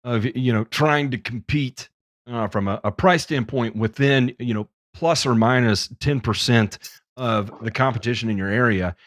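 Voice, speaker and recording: A podcast host with a medium-pitched, fairly bright voice runs a casual livestream talk show at a moderate pace, teasing his guests and speaking in bursts full of restarts and fillers. The recording is dry with clean studio sound.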